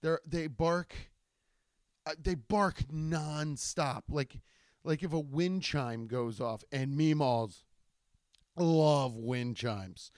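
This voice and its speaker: Young male podcast host, slightly high voice, rambling cursing storyteller, dry booth. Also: extremely slow, dry recording. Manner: rambling, profane, animated storytelling with jumpy energy. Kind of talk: casual solo podcast monologue.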